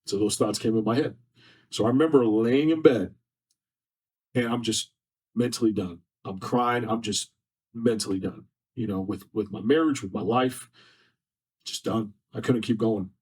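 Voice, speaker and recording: Husky man telling a story earnestly. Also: lowish voice, moderate pace, pauses often, darkish tone. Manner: earnest, repetitive, emotional retelling. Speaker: podcast guest. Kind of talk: casual personal storytelling. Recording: distant mic from faulty setup.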